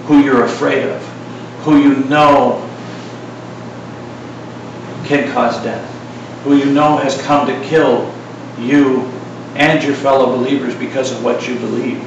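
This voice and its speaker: A middle-aged man preaching a sermon in a casual, joking style, full of asides and lively retellings. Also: mid-range voice, slow, heavy reverb, far from the mic, dull audio, noisy background.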